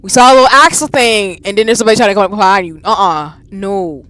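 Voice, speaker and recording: A woman hosting a gaming channel, reacting loudly to a visual novel and repeating words in rapid bursts. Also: mid-range voice. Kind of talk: reacting aloud while playing a visual novel.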